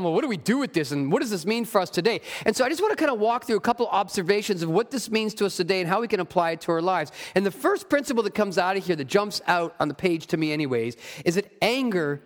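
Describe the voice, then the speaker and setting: A man preaches in a hall, his high voice swinging widely in pitch. He reads scripture aloud, then breaks off for wry asides. Long reverb hangs behind him. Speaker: pastor. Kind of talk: sermon.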